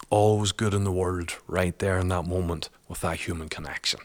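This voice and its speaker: A man's voice: deep voice, fairly even intonation, normal speed. A man, a guest and father, telling a personal story in a chatty, colloquial way, laughing often.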